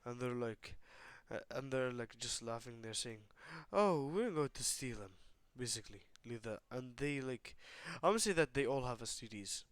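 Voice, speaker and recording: A man's voice: mid-range voice, normal speed, few pauses, fairly bright tone, dry recording. Man rambling through a fan story. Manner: rambling, swears, many fillers. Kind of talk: casual fan-story chat.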